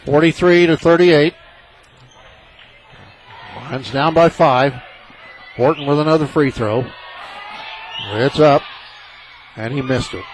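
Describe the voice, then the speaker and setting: A play-by-play announcer from southern Illinois calls a high school basketball game for a small local radio station, openly rooting for his team. His slightly high voice is slow with frequent pauses but leaps sharply on big plays, partisan and excitable. The recording is low quality.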